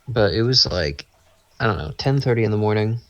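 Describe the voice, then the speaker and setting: A man with a lowish voice and lively intonation speaks fairly quickly while co-hosting a podcast. In casual chat he tells a rambling anecdote, acting out what others said, and the sound is dull lo-fi.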